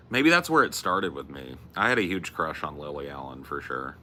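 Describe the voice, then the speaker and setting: A man's voice: rumbling low, sharp tone, slight background noise. A young man co-hosting a podcast in loose, profane casual chat, saying dude and bro. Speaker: podcast co-host.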